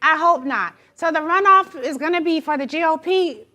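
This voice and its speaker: A Jamaican woman co-hosting a talk show, her voice squeaky and strained, pitched very high and sharp in tone. She speaks outspokenly and with emphasis in casual chat. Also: lively intonation, moderate pace. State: strained voice from throat trouble.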